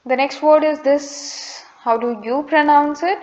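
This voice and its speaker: A young woman with an Indian English accent explains pronunciation in a calm, patient way. She says each word slowly and repeats it, sometimes slipping into Hindi. Her voice sits fairly high, and the recording sounds dull and lo-fi. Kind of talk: casual lesson to camera.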